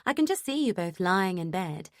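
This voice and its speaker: A woman's voice: lowish voice, moderate pace, no echo. Woman narrating an audiobook, dry close sound. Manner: expressive, emotionally engaged reading. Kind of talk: first-person audiobook narration.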